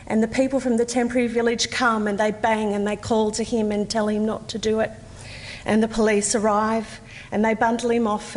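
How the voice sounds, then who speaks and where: An Australian woman in her forties gives a measured, earnest personal testimony at a conference, with slow, deliberate pauses. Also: medium pitch, in a large hall, slight background noise. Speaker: conference speaker. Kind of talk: personal testimony, read aloud. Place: conference hall.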